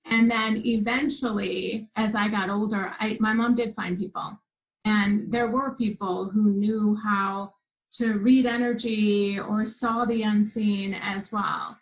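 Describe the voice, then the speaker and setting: A woman of middle pitch recounts a story in an earnest, vivid way, often stopping to restart her sentences. She speaks as an interview guest. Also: steady tone, slow pace, low-quality recording. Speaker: guest, spiritual teacher.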